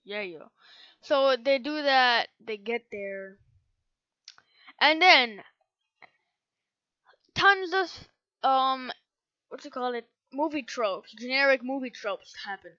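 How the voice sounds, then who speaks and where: A woman with a fairly high voice rambles through a movie recap, sarcastic and correcting herself as she goes. The recording is dry and a bit dull and lo-fi. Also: expressive, slow, long pauses, pushed and bright, no room sound. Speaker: movie reviewer.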